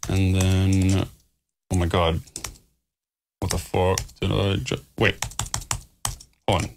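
A man's voice: fairly low pitch, gravelly, a little hiss or hum. A man producing music on a livestream, talking to himself in a scattered way, swearing and mocking himself. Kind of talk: casual livestream talk while working.

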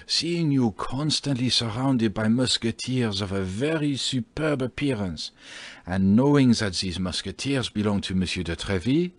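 Timid, fawning landlord in an audiobook, husky and hesitant, read by a man. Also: mid-range voice, no room sound. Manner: slow, hesitant speech with fillers. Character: timid middle-aged male landlord, fearful, fawning.

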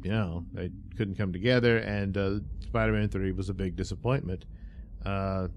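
A man with a lowish voice rambles through a casual movie review, stopping often with fillers and sarcastic little laughs. Faint room ambience sits behind him. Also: fairly even intonation, normal speed, darkish tone, a little hiss or hum. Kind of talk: casual film review monologue.

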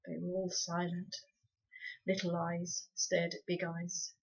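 A woman calmly reading a children's novel aloud as the storyteller. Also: fairly low pitch, measured pace, slightly rough. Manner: calm, even narration. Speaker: storybook reader. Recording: dull lo-fi recording.

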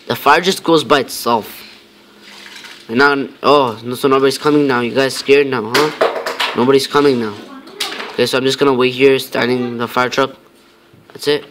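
A man's voice: mid-range voice, fairly even intonation, normal speed, pauses often, fairly bright tone, slight background noise. A man giving casual, rambling commentary over his own gameplay, talking to himself with many fillers and mock-tough lines.

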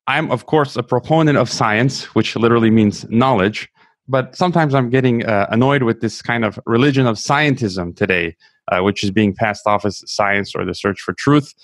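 Male podcast host, lowish voice, measured, dry close mic. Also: no room sound. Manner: measured, reads promos, uses fillers. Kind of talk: scripted intro then interview questions.

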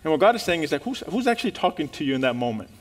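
A male pastor preaching a sermon, lively and animated, firing rhetorical questions and laughing with the congregation. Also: on the high side, rapid-fire.

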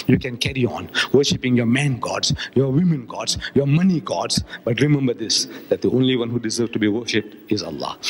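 An older man from South Africa giving a public religious lecture, impassioned, rising to emphatic peaks and dropping low again. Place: large town hall. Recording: long hall reverb.

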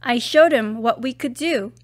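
A woman reads a children's storybook aloud in a high, bright voice. She takes her time, shaping each line with clear, expressive storytelling. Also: a little slow. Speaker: children's book reader.

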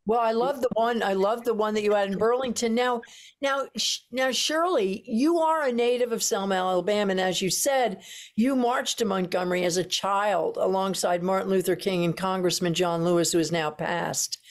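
Woman interview host, measured and steady. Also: medium pitch. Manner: measured, reads the guest's background before asking. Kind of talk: interview questions.

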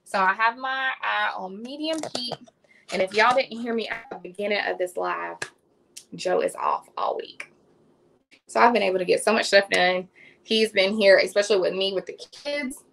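A woman's voice: medium pitch, normal speed, gravelly, a bit bright, a little hiss or hum, rough recording. A woman in her thirties with a Southern US accent, chatting casually with viewers while cooking on a livestream. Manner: chatty, addresses viewers as y'all. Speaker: cooking vlogger hosting a livestream. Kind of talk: casual live cooking chat.

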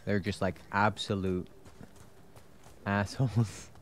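A man with a slightly low voice chats loosely while he plays a game on stream. He rambles, laughs a lot and swears without a second thought, and a faint hiss sits under his voice. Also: flat delivery, extremely slow. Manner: chatty, laughs often, swears freely. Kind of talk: casual gameplay chat.

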